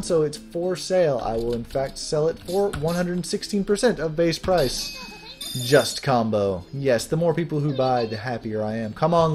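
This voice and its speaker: A man's voice: medium pitch, darkish tone. A man giving casual, chatty gameplay commentary as host, with jokey asides. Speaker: let's play host.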